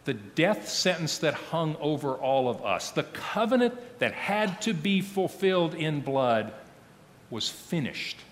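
A man preaching a sermon as pastor, reading slowly and solemnly, his phrases falling to a hush at the ends. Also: a little high, long reverb tail, slight background noise. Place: church sanctuary.

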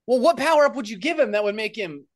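A woman's voice: fairly high pitch, lively intonation, quick pace, dry recording, studio quality. A woman co-hosting a podcast, chatting casually, joking, swearing freely and laughing often. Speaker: podcast co-host. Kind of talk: casual chat.

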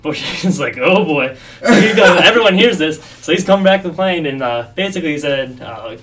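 Fast-talking man telling sports stories. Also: fairly high pitch, far from the mic. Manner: animated storyteller acting out quotes. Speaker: podcast co-host. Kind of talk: casual sports podcast storytelling.

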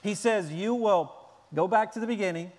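A man preaching a sermon in an animated way, at times acting out shouting children. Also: high voice, moderate pace, long reverb tail. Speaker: pastor.

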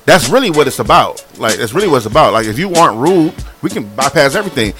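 Fast-talking man arguing in casual chat. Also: medium pitch, over music. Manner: animated, acts out other voices while arguing.

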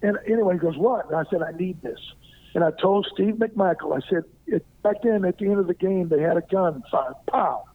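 High-voiced older man on a tinny phone line. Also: a little fast, few pauses. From Arkansas. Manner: lively anecdotal storyteller who acts out quoted lines. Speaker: guest, former pro football player. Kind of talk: interview storytelling.

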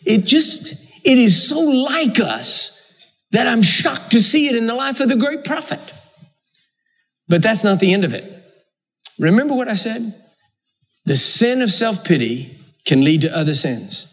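A man's voice: very high-pitched, sing-song, a little slow, pauses often, fairly bright tone, breathy edge. A man preaching a sermon with an emphatic, repetitive cadence. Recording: echoey hall.

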